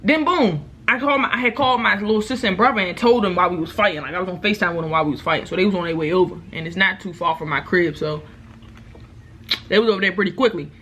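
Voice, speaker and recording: A young woman vlogger, telling a storytime in casual, profane talk, loudly acting out what people said. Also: lowish voice, quick pace, a little hiss or hum. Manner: animated, profane, acts out quotes loudly. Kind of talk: casual storytime while eating.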